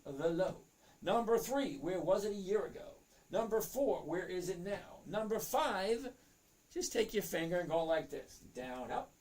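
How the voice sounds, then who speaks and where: A man hosting a stock trading livestream, chatting casually, greeting viewers by name and explaining charts step by step. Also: high-pitched. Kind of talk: casual livestream chat reading viewer comments.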